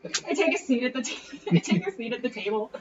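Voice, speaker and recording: A woman's voice: on the high side, lively intonation, fairly quick, distant mic, muffled recording. A woman playing a tabletop game, talking in a blunt, dry way. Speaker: player. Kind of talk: tabletop role-play chat.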